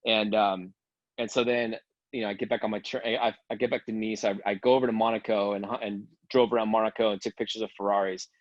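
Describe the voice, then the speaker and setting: A man's voice: lowish voice, flat delivery, fast talker, no echo, highs cut off. A man casually telling a long travel story on a video call, rambling with many fillers and restarts. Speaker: game participant sharing a travel story.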